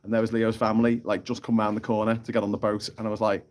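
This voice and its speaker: Speaking into a phone outdoors on an island, a man hosts a casual live stream and tells a rambling story with frequent laughs and some swearing. His voice is on the low side, monotone, a little mellow, and quick-paced.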